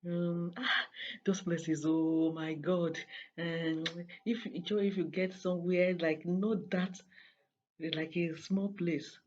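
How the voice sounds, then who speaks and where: A woman's voice: lowish voice, steady tone, takes it slowly, muffled recording, voice pushed up. A woman putting on the voice of a timid, nervous woman full of excuses, hesitant and flustered. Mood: anxious.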